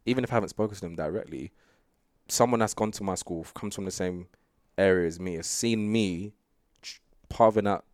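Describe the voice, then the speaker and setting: Man, young adult, low voice, dry close mic, relaxed rambling chat. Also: a little fast, no room sound. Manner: relaxed, rambling, full of fillers and laughs. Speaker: guest sprinter. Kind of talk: casual interview chat.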